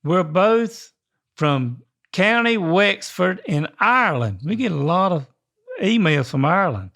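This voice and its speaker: An older man with a Southern American drawl, reading emails and telling corny jokes at an unhurried pace. His voice sits high and has a gravelly, creaky edge. He delivers the punchlines drily. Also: big pitch swings, a bit bright. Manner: slow, dry joke-telling, reads emails aloud. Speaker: co-host, reads listener emails. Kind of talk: casual podcast chat.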